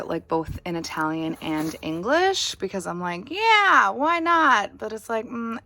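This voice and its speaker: A woman's voice: on the low side, creaky, a bit bright. A young woman chatting casually through a bookshelf tour, rambling with many fillers and asides. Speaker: BookTuber.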